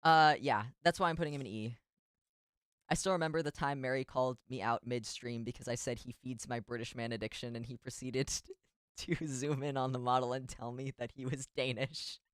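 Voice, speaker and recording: A man's voice: medium pitch, fairly even intonation, a little fast, fairly bright tone, clean tone, no room sound. A man streaming as a VTuber in casual chat, rambling and giggly with self-deprecating asides.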